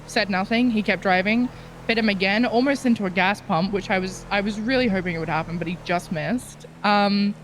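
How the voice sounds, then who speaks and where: Woman gamer, mid-pitched, excitable, laughs mid-story. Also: fairly quick, slight background noise. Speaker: streamer's role-play partner. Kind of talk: casual storytelling with swearing.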